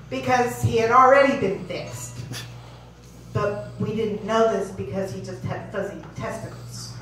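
A woman's voice: on the high side, a bit bright, recorded from a distance. A woman doing a stand-up routine on a comedy club stage, telling a story in a dry, self-deprecating way, recorded from afar. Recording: echoey club heard from afar, noisy.

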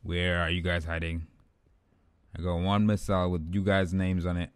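A young man giving rambling, excitable commentary over his own gameplay, trash-talking opponents and himself. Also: low voice, normal speed, smooth, dry recording. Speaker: gaming YouTuber.

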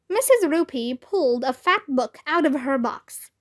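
Slow, high-voiced woman reading aloud. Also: expressive. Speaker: read-aloud narrator. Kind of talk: reading a children's book aloud.

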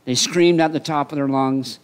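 A male pastor preaching a sermon in an animated storytelling way. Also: medium pitch, moderate pace, clear, resonant tone. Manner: animated storytelling, acting out voices.

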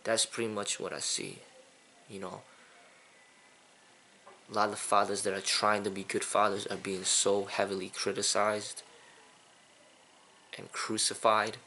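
A man's voice: lowish voice, steady tone, measured pace, long pauses, sharp tone, a little hiss or hum. A man hosting his own channel, talking in a casual, indignant opinion monologue with lots of fillers and repeated phrases. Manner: repetitive, indignant, many fillers. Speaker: kung fu channel host.

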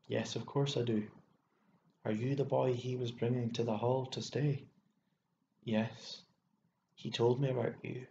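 A rough, jealous country woman with a hollow, mannish voice speaks fiercely, both pleading and demanding, as a male narrator puts her on. Her voice is gravelly and dark. The sound is dull and lo-fi, in an echoey room. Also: mid-range voice, flat delivery, measured pace, long pauses, slight background noise. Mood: intent.

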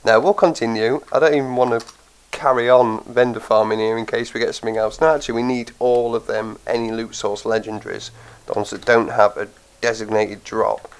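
Brisk with few pauses, this host's medium-pitched voice stays steady, clear, and resonant despite his cold and stuffy nose. Tired, he gives casual gameplay commentary, thinking aloud with lots of ums, over poor audio.

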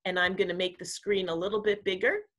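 A woman kindergarten teacher reading a picture book aloud to young children, acting out the animal sounds with an expressive voice. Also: mid-range voice, fast.

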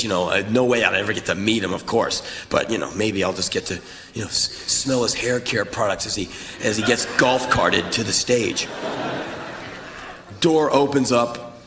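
A man performing live spoken word, telling stories in an intense, animated, profane way. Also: lowish voice, normal speed. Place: stage in a large venue. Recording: echoey live venue with crowd noise.

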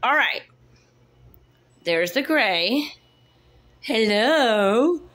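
A woman's voice: fairly high pitch, expressive, extremely slow, a bit bright. A woman, chatting casually as she shows her kittens one at a time and coos at them in baby talk, filmed on a handheld phone. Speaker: cat breeder showing kittens. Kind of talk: casual kitten showcase vlog.

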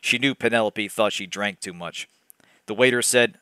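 A man's voice: fairly low pitch, normal speed, sharp tone, smooth, no room sound. A man reading a badly written novel aloud as a let's play host, breaking off for sarcastic, laughing asides. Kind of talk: comedic dramatic reading with commentary.

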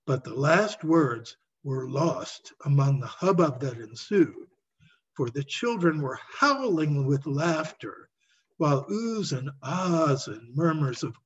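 Man, author reading his story aloud, slow measured pace, husky voice, muffled lo-fi recording. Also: medium pitch, expressive. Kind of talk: storybook read-aloud narration.

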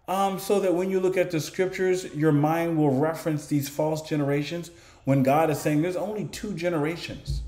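A man's voice: fairly high pitch, fairly even intonation, normal speed, a little mellow, roomy sound. A man giving informal bible teaching, asking rhetorical questions and answering them in a conversational way. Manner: conversational, with chuckles and restarts. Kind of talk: informal preaching to camera.

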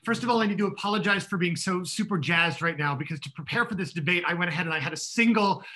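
A man's voice: sits high, fast talker, pushed and bright. A man faculty member giving a comedic debate speech over a video call, rambling and jittery, repeating words.

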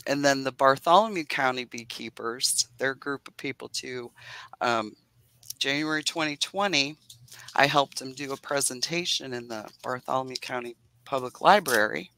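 Earnest, chatty woman beekeeper, bright voice. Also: extremely low pitch, normal speed, rough recording. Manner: earnest, chatty, laughs often. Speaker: beekeeper guest. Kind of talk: casual video-call interview.

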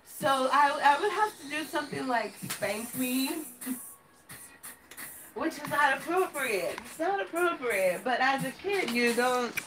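A woman's voice: high-pitched, lively intonation, unhurried, distant mic, background noise. A woman in her thirties from California, Spanish her first language, chatting casually on a live stream, rambling and giggling at herself. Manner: rambling, giggly, self-teasing. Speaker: host.

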